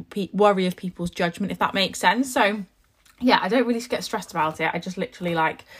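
Chatty young mum vlogger. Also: female voice, mid-range voice, fairly bright tone. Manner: chatty, rambling, heavy use of "like". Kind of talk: casual storytelling to viewers.

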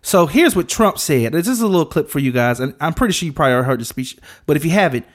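A man's voice: a little high, animated, very fast. A man co-hosting a podcast in casual, conversational chat, with hesitant restarts. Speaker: podcast co-host.

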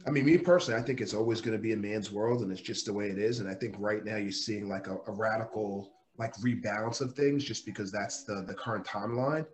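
A man's voice: on the low side, fast talker, hardly any pauses. A man on a podcast giving his opinion in an earnest, matter-of-fact way. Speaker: podcast guest. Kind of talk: casual chat.

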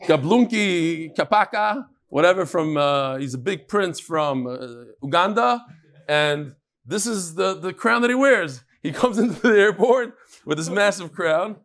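This is a man leading an animated Talmud lesson. His voice sits a little on the high side. He keeps weaving in Hebrew terms and repeating words for emphasis. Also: a little slow. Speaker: Talmud teacher. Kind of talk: animated Talmud class with storytelling.

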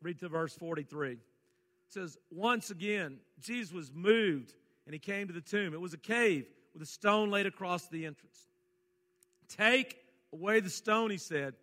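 A high, bright-voiced man preaches in a church hall, with a long echo hanging on every word. He is folksy and direct, dropping to soft asides and then climbing into loud, urgent emphasis. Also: measured pace. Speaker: pastor. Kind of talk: sermon.

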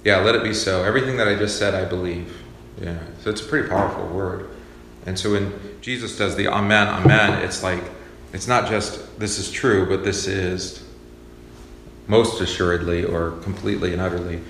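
A man teaching a Bible study class in a relaxed, conversational way, with many fillers. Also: sits low, normal speed, a little hiss or hum. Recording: echoey hall with faint ambience.

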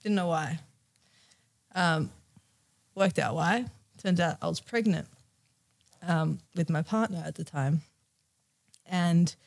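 A young woman from Australia telling a personal story as a podcast guest, candid and emotional, with many fillers. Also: on the low side.

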